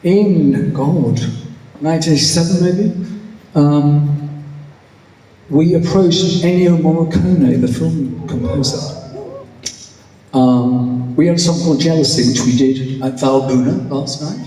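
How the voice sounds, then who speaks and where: A man's voice: a little high, takes it slowly, pauses often. Man rambling on stage in an echoey hall. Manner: rambling anecdote, many ums, dry asides. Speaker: singer on stage. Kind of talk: stage banter between songs. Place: large indoor concert hall. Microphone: stage mic, recorded from the crowd. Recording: distant echoey concert hall audience recording. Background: loud live music.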